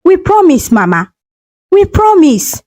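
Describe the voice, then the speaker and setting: A woman's voice: very high-pitched, very animated, a little slow, dark tone, no room sound, pitched above the performer's own voice, heavily acted. A woman voicing a grieving adult son who pleads tearfully with his mother. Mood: remorseful.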